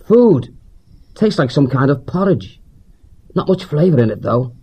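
A man's voice: mid-range voice, very animated, unhurried, mellow, breathy edge, voice pushed up, full character voice. A man voicing a good-humored male hedgehog in a storybook reading. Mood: easygoing.

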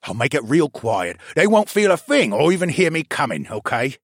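A gruff, spiteful old pub owner, as a male reader puts him on, growling out his rants in a voice pushed a little higher and louder than the narrator's own. The delivery swings widely in pitch, and the recording is dry and close. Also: big pitch swings, moderate pace, no room sound. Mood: coaxing. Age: older.

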